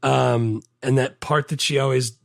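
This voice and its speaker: A man's voice: medium pitch, measured pace, gravelly, no room sound, studio quality. A man who teaches, co-hosting a movie podcast and telling stories with enthusiasm. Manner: enthusiastic, animated storyteller, says "dude". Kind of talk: casual chat.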